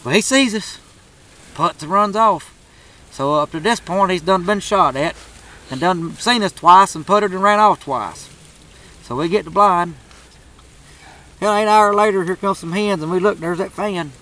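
A man's voice: high-pitched, unhurried, long pauses, pushed and bright, low-quality recording. A man telling a turkey hunting story in a drawling, profane, laid-back way. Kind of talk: casual storytelling.

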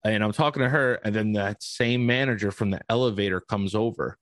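A man on a podcast telling a story in casual chat, profane and animated, acting out the dialogue. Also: fairly low pitch, a little fast, no room sound. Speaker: podcast host.

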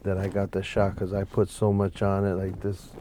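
A man's voice: low voice, normal speed, slight background noise. A man, a photographer guest telling a long story in a casual, profane interview. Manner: profane, animated anecdote with quoted voices.

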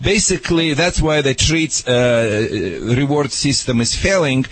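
A man's voice: fairly high pitch, unhurried, low-quality recording. A man giving confident, joking dog training advice to a caller on a radio show.

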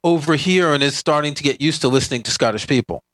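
A man co-hosting a talk show, giving frank, measured opinions in casual chat. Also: on the high side, fairly bright tone, no room sound.

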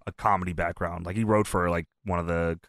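A man's voice: low-pitched, steady tone, brisk, fairly bright tone, no room sound, studio quality. A man co-hosting a podcast, recapping wrestling in casual chat, laughing a lot and acting out quoted lines. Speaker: podcast co-host.

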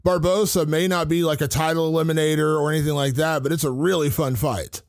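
A man co-hosting a casual podcast chat, talking in an animated way and filling his speech with "like". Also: fairly high pitch, quick pace, no echo, clean studio sound. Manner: chatty, animated, heavy use of "like". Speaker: co-host, reporter.

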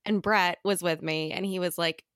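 A woman hosting a podcast, chatting in a relaxed, casual way, laughing often and swearing offhandedly. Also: fairly low pitch, moderate pace, clean tone, no echo, studio quality. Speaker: podcast host. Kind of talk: casual chat.

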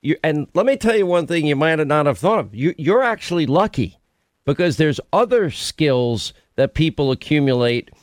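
A middle-aged man hosting a call-in radio show, chatty and quick to cut in with his own stories. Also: fairly high pitch, animated, dry recording, studio quality. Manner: chatty, storytelling, interrupting. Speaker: radio talk show host.

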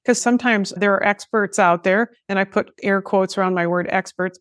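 A woman's voice: mid-range voice, moderate pace, dry recording, clean studio sound. A woman hosting a podcast, chatting casually with self-deprecating asides. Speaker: podcast host. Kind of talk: casual interview chat.

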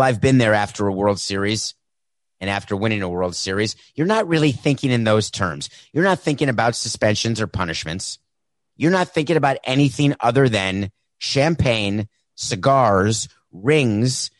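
A man's voice: on the low side, no room sound, studio quality. A man hosting a sports talk show, delivering a sarcastic, mocking monologue into a desk microphone. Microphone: desk mic with mute button.

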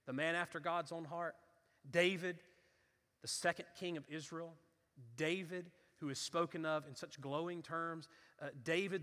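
Male pastor, high and bright, dramatic sermon delivery. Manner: animated storytelling, acts out voices, builds to fervent intensity. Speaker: preacher. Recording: reverberant hall.

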